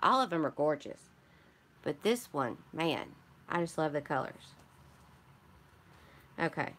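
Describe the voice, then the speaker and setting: A woman's voice: deep voice, animated, slow, fairly bright tone, a little hiss or hum. A woman with a Michigan accent hosting a casual live stream, rambling and chatty as she greets viewers and answers their comments. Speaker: craft channel host.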